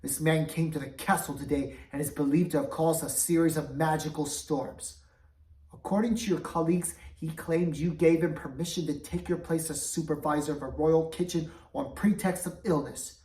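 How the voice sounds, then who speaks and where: A woman's voice: deep voice, steady tone, moderate pace, warm tone, close to an everyday voice. A woman voicing a stern, commanding king who interrogates and gives orders, in a roomy recording from a distance. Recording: roomy, voice away from mic.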